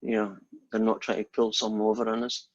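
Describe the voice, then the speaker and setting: A man's voice: lowish voice, level tone, fast, muffled recording, lightly acted. A Scottish man voicing a cautious English army general in a joke. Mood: wary.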